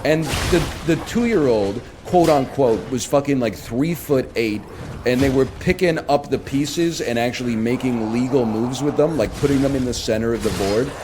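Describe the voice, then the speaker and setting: A man's voice: mid-range voice, moderate pace, background noise. Rambling, jokey man telling stories. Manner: rambling, animated, jokey storyteller. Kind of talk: casual storytelling chat.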